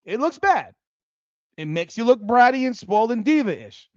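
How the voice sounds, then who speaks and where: This is a sports commentary host in full rant mode, swearing freely and getting worked up. The voice swings widely in pitch. The audio is dull, lo-fi and dry. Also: moderate pace, no echo. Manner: profane, heated and animated. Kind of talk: ranting livestream commentary.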